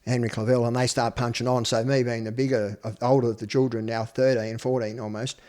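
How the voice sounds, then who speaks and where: Here an interview guest, an Australian in his fifties, shares his life with profane, blunt honesty. His mid-range voice is a little mellow, delivered flatly and fairly quickly.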